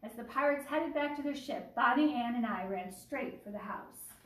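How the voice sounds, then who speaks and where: A woman who teaches young children, reading a picture book aloud with lively asides, then speaking to families. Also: on the high side, moderate pace, far from the mic. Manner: warm, animated storytelling with asides. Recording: echoey room, voice away from the mic.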